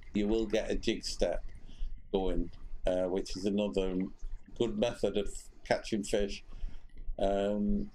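A man's voice: lowish voice, dark tone, a little hiss or hum. A man giving casual commentary while streaming a fishing game, rambling with many fillers and restarts.

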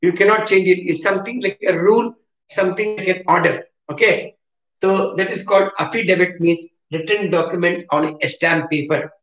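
A high, slightly bright male voice with a South Indian English accent leads a vocabulary lesson, spelling out each word letter by letter and saying things again. He's in a classroom with a board, captured in a roomy, distant, dull recording.

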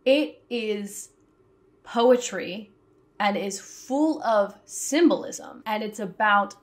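A woman's voice: mid-range voice, takes it slowly. A woman talking to camera in a casual, sassy way, with jokey asides. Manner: sassy, self-aware. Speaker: video essayist.

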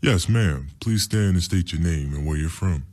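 Casting: man as a formal TV host, deep and mellow, measured and polished. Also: lightly acted. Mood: composed. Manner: measured, formal announcer delivery. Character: smooth male TV talk show host. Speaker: talk show host.

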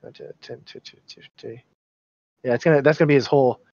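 A player in a tabletop game who describes what his character does in halting, stumbling bursts. The sound is dry and close. It is dulled by lo-fi voice chat. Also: mid-range voice, a little mellow, no echo. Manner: hesitant, stumbles and restarts.

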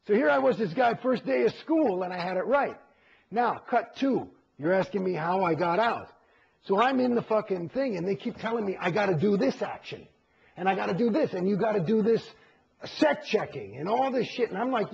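A man with a gravelly, husky voice and a slightly raised pitch tells his story in an interview, cursing freely and acting out the lines of the people in it. The recording is dull and lo-fi. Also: a little fast. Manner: profane, animated, acts out quoted exchanges.

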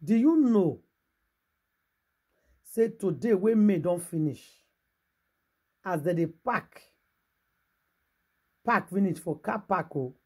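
Man, Nigerian Pidgin accent, raspy, fairly high voice, casual vlog talk, preachy and rhetorical. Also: a little mellow. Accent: Nigerian Pidgin English. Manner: preachy, rhetorical, talks straight to viewers. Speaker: gossip vlogger. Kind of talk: casual commentary.

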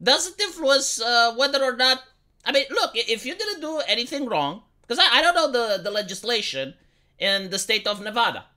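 A woman's voice: on the high side, animated, moderate pace, pushed and bright. A young woman from Romania with a Romanian accent, ranting bluntly and profanely in casual streamer commentary. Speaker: live-streamer.

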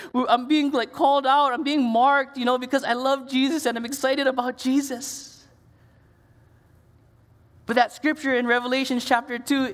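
Male pastor, casual sermon delivery, stumbling repeats, echoing church hall. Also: very high-pitched. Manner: conversational, repeats words, animated. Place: church sanctuary. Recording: long church reverb.

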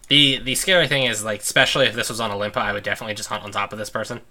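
A man's voice: on the low side, fairly even intonation, fast talker, sharp tone. A man giving gameplay commentary from a room at home, ranting in irritation and laughing it off. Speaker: let's play host.

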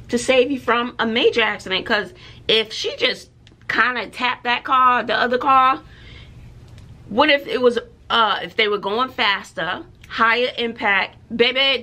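A woman, a teacher and mother chatting in a vlog, animated and dramatic, with hushed asides. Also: a little high. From Texas. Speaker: schoolteacher and mother. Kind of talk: casual chatty vlog storytelling.

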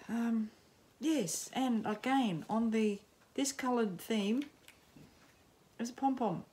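Middle-aged Aussie woman, unhurried rambling chat, self-mocking, lots of ums. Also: fairly high pitch, mellow. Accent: Australian. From Australia. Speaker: knitting podcaster. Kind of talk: casual chat to camera. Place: home, in sunshine.

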